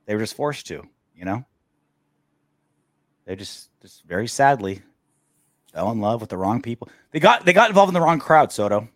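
Male podcast co-host, lively swooping delivery, crude jokes, dry close sound. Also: medium pitch, normal speed, long pauses, no room sound. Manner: animated, crude ranting. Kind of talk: casual sports podcast chat.

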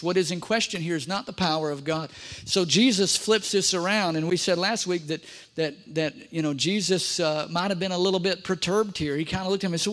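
Pastor guy preaching, kinda high voice, hammers the same phrases over and over, talks right to the people. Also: a bit bright. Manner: emphatic, repeats key phrases, addresses the congregation directly. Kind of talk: sermon.

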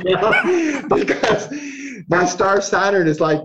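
A man with a slightly high voice talks through astrological ideas in a loose, conversational interview. He acts out the inner voices of his examples and chuckles often. The recording sounds muffled and lo-fi. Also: very animated, a little slow, a bit bright. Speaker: astrologer guest. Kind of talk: animated conversational explanation.

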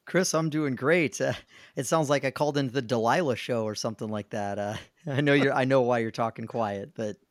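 A man's voice: medium pitch, fairly quick, no room sound, studio quality. A man chatting as a podcast panelist, upbeat and talkative, laughing easily. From Alabama, USA. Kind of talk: casual podcast chat.

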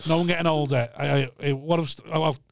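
Northern English bloke, co-host, higher voice, rattles through anecdotes, dry close sound. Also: male voice, steady tone, gravelly, no room sound. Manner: quick storytelling, swears freely. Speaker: podcast co-host. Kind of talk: casual banter.

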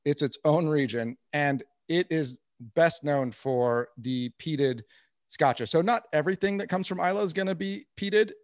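A man on a podcast explaining a topic in a steady, informative way. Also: a little high, measured pace, no room sound. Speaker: podcast guest. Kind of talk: casual podcast chat.

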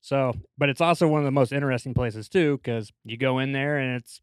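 A man's voice: mid-range voice, a little fast, hardly any pauses, clear, resonant tone, no echo, studio quality. A man co-hosting a casual podcast chat, talking in a chatty, rambling way with fillers. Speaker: podcast co-host.

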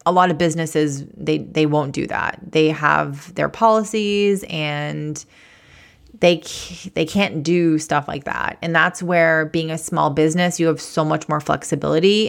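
Low, gravelly-voiced woman telling a story. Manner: rambling, self-correcting, chatty. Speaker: e-commerce business owner, podcast host. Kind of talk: casual storytelling monologue.

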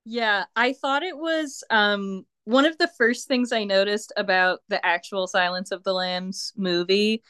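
A woman guest on a podcast, chatting casually in an unhurried way and laughing often. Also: mid-range voice, a bit bright, smooth, dry recording, clean studio sound. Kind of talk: casual chat.

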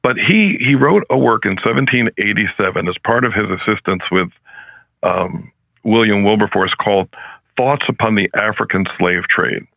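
A male professor speaking as a podcast guest, in an earnest, measured and reflective way, heard over a narrow phone-like line. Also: lowish voice, creaky, no echo. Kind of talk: podcast interview. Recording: phone-like, dry, narrow sound.

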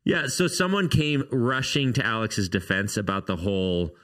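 A man's voice: on the low side, big pitch swings, normal speed, a bit bright. A man hosting a faith podcast, chatting casually and joking at his own expense. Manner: joking, self-mocking banter. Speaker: podcast host. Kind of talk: casual chat.

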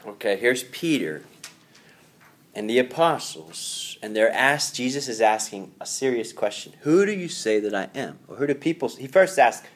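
Guy leading a catholic bible class, lively up and down voice, talks casual, asks the room questions. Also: lowish voice. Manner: conversational, with rhetorical questions. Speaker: Bible study teacher.

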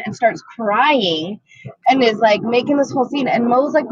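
A woman's voice: a little high, moderate pace, dull audio. A woman co-hosting a podcast, telling a story in casual chat and swearing a lot as she acts out the people in it. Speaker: podcast co-host.

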